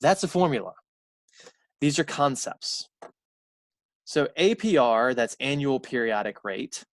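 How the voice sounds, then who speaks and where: A man's voice: medium pitch, expressive, a little slow, no echo. A man teaching a recorded college math lecture in a conversational way, repeating key points and correcting himself aloud.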